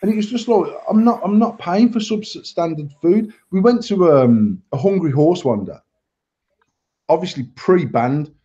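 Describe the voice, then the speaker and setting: A man's voice: high-pitched, expressive, unhurried, dark tone. A man, hosting a live chat show and telling a worked-up, sweary rant. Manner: ranting, heavy swearing, worked-up. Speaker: podcast host. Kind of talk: casual live-stream chat, storytelling. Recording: slightly muffled lo-fi stream audio.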